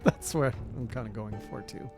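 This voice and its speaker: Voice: medium pitch, moderate pace, over music. A streamer making wry, amused asides while playing through a game live. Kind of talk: live game playthrough commentary.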